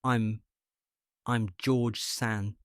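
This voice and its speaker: A man reading aloud, voicing a weak, bewildered bedridden man who snaps and shouts in irritation. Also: on the low side, steady tone, extremely slow, clear, resonant tone, no room sound, studio quality. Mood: furious. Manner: furious outbursts, snapping and shouting. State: weak from illness.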